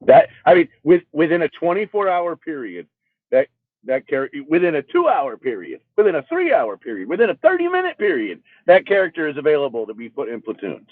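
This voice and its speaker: A man's voice: a little high, wildly swooping pitch, fairly quick, no room sound. A man co-hosting a casual game livestream, rambling and restarting his sentences as he makes his point. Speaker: livestream co-host. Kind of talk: casual chat. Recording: tinny phone-like line.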